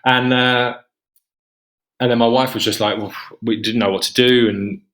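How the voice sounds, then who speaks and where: A man's voice: mid-range voice, steady tone, normal speed, fairly bright tone. A man in his forties from England, a podcast guest telling a personal story in a rambling, casual way and quoting the people in it. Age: 40s. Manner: rambling, quotes himself and others in a lifted voice.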